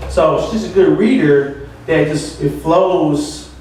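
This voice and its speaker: Stand-up comic, male, higher voice, rambling rants; echoey room, mic at a distance, crowd audible. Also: takes it slowly, a little mellow, a little hiss or hum. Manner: rambling, ranting storytelling. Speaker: open mic comedian. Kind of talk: stand-up comedy. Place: open mic venue with audience. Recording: echoey room from far off, audience.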